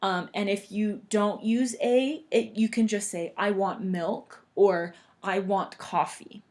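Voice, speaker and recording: A young woman explaining English grammar to learners at a very unhurried pace. She speaks patiently and repeats her example sentences slowly and deliberately, with a pitch that sits in the middle of the range. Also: steady tone, a little mellow. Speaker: English teacher.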